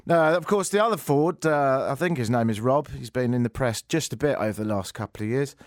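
A man's voice: medium pitch, fairly quick, dry recording. A British man hosting a radio talk show, delivering a sarcastic, mock-outraged comedic monologue into a studio microphone. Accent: British English. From Britain.

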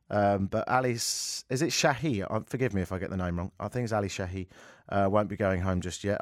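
A man's voice: fairly low pitch, dry recording, clean studio sound. A man hosting a radio talk show, delivering a sarcastic, rambling monologue full of mocking asides. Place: radio studio. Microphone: studio microphone.

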